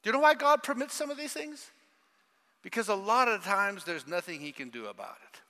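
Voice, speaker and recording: An older man preaching a sermon, emphatic and animated, questioning the congregation. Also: high voice, brisk. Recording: long hall reverb.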